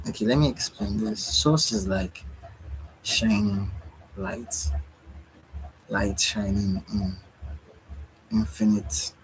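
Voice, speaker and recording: A man's voice: lowish voice, a little hiss or hum, poor audio. A tired man giving a musing spiritual monologue late at night, sighing and yawning as he talks. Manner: slow, musing, with sighs and yawns. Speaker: spiritual speaker.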